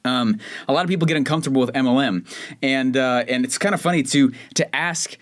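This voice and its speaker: A man's voice: mid-range voice, fairly quick. A young man from Colorado hosting his own podcast, telling a personal story in a chatty, self-mocking way with lots of fillers and restarts. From Denver, Colorado. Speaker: podcast host. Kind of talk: casual solo podcast storytelling.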